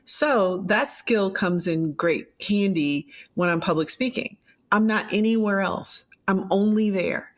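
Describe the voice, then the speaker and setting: A middle-aged woman, a former news anchor, talking in an interview in a reflective, animated way with frequent restarts. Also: lowish voice. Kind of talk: conversational interview.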